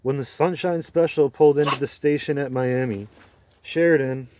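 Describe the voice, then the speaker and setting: Brief: male audiobook reader, measured delivery, warm mellow tone, dry close recording. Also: medium pitch, fairly even intonation, no echo. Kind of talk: audiobook narration.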